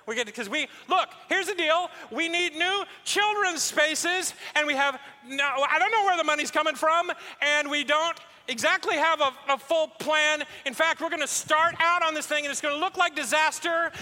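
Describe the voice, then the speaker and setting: A man's voice: very high voice, slightly rough, exaggerated voice. A male pastor voicing an eager young man rambling through a risky plan, in an echoing hall. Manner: excitable, rambling, salesman-like. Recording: echoey hall.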